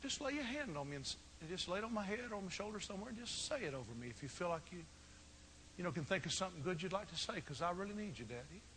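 A man voicing a grown son who earnestly pleads with his hard father, halting and repeating himself. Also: sits high, sing-song, a bit bright, a little hiss or hum, voice pushed up, exaggerated voice, poor audio. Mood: humble.

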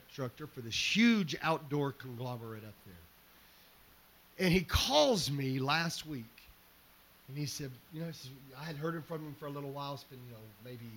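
A man's voice: mid-range voice, a bit bright. A middle-aged man preaching, telling a story conversationally with fillers and restarts. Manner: conversational, fillers and self-corrections. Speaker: pastor. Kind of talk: storytelling sermon.

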